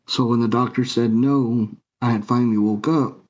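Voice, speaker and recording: A man's voice: medium pitch, normal speed, hardly any pauses, highs cut off. A man telling his personal story as an interview guest, earnest and emotional, acting out dialogue.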